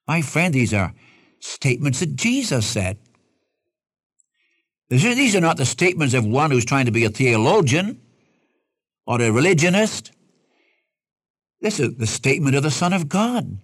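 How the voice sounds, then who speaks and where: A man's voice: on the high side, big pitch swings, normal speed, long pauses, fairly bright tone, husky, dry recording, clean studio sound. A man preaching a radio Bible study sermon, emphatic and pleading as he quotes scripture.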